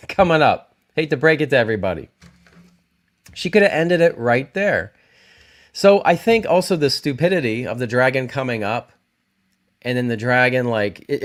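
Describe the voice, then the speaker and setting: A man hosting a casual livestream, talking about TV episodes in a rambling, self-correcting way and reacting to viewers in the chat. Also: mid-range voice. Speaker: YouTube host reviewing TV shows.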